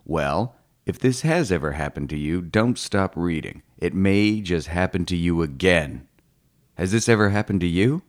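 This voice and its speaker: A man reading a humorous book aloud with deadpan, playful delivery. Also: deep voice, moderate pace. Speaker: audiobook reader. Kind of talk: comic scripted narration.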